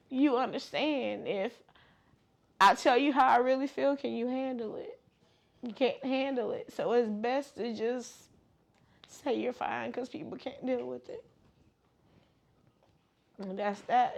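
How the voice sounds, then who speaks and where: A woman's voice: a little high, creaky. A young woman gives a personal testimony in an interview, close to tears, stressing her points and repeating them. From Georgia, US. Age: young adult.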